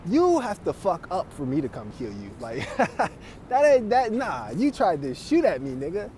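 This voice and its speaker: A man's voice: high voice, wildly swooping pitch, measured pace, darkish tone, slight background noise. A man telling stories in casual, profane chat, laughing often. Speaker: podcast host.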